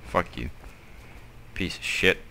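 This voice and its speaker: A man's voice: slow pace, pushed and bright, a little hiss or hum. A young man giving casual, sarcastic commentary while playing a game, muttering and swearing at what he sees. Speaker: gameplay commentator. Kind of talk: casual let's-play commentary.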